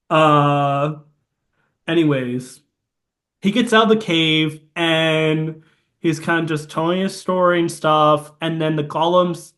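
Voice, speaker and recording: A man's voice: a little high, fairly bright tone. A man co-hosting a podcast, recapping a film in casual, rambling chat and imitating its sound effects. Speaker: podcast co-host.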